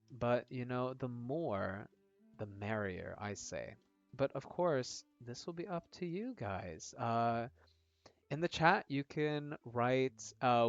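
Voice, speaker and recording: A man's voice: fairly high pitch, smooth, no echo, muffled recording. A man narrating a tabletop-style video game on a live stream, chatty and self-mocking.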